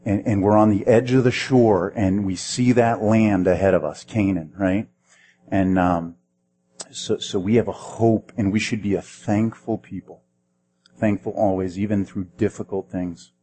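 A man's voice: lowish voice, steady tone, unhurried, mellow. A man preaching a sermon in a conversational way, asking the listeners questions and often repeating words as he restarts. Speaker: pastor.

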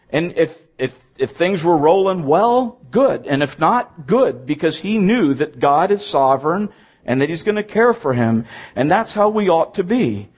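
A man's voice: fairly high pitch, husky. A man preaching a sermon, reading scripture aloud and stressing points by repeating them.

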